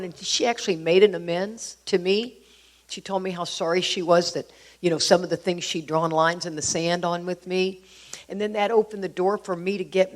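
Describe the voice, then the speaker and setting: A middle-aged woman from Houston, speaking to a recovery group, telling her story in an animated way with emphatic asides. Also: fairly low pitch. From Houston, Texas. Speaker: AA workshop speaker. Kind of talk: personal recovery talk to a group.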